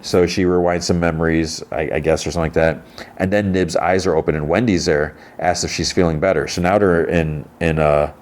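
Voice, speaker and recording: Low-voiced man recapping a TV episode. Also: fairly even intonation, a little fast. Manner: retells scenes conversationally, quoting characters' lines. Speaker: podcast host.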